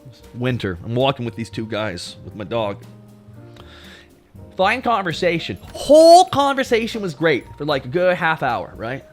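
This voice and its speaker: A male streamer from Canada rants live at his audience, swearing freely and swinging from low mutters to loud outbursts. His voice sits at an ordinary middle pitch. Faint music plays underneath. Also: moderate pace. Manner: profane, animated ranting, answers chat. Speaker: VTuber streamer. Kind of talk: livestream chat rant.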